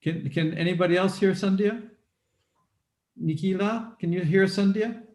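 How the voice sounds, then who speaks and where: A man's voice: high-pitched, moderate pace, a little mellow. A man presenting at a webinar over a video call, politely checking whether others can hear him. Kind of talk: live video call talk. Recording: echoey room over a call.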